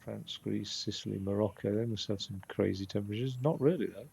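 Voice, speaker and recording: A man's voice: on the low side, a little fast, creaky, a little mellow, slightly rough. A man rambling in casual gameplay commentary, often stopping and restarting his sentences. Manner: rambling, self-interrupting chatter. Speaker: streamer.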